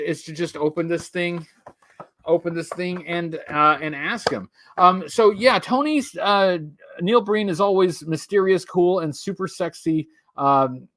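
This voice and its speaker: A man's voice: on the high side, a bit bright, dry recording. A man hosting a live stream, chatting casually in a rambling, wry way and drifting off topic while he talks to viewers.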